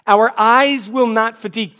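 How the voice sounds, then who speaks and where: A man's voice: very high-pitched, steady tone, moderate pace, bright, forceful tone. A middle-aged male pastor preaching a sermon, building emphasis through repeated declarations.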